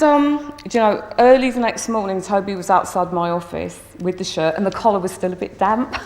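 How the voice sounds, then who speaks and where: A woman teacher telling a story from her school to an audience, lively and acting out her own thoughts. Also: fairly high pitch, a little hiss or hum. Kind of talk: storytelling talk. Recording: echoey hall with long reverb.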